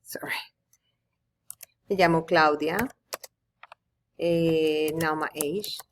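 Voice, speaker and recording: A woman's voice: low voice, steady tone, takes it slowly, a little hiss or hum. A woman teacher walking students through an online tool, patiently explaining step by step at her computer. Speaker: Spanish teacher. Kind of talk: screen-recorded tutorial.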